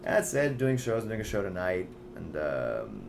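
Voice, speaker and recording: A man's voice: deep voice, huge pitch swings, normal speed, creaky, a little hiss or hum. A young man from Montreal, a comedian and actor, chatting casually as a podcast guest with a laid-back, self-deprecating manner. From Canada, Montreal.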